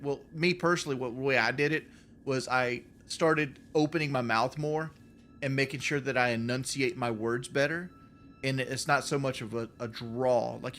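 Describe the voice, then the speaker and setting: A man's voice: medium pitch, fairly bright tone. A man from the Southern US with a light Southern accent, rambling and swearing through casual commentary while he plays a game as a streamer. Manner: rambling, profane, full of restarts. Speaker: gaming streamer.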